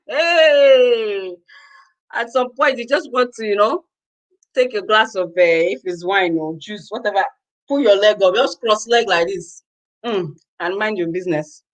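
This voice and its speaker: A Nigerian woman ranting straight to her viewers in a vlog, exasperated and exclamatory. Her voice sits at an ordinary middle pitch, and she keeps circling back to the same phrases with rising disbelief. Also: unhurried, low-quality recording. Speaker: vlogger. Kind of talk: casual ranting commentary to viewers.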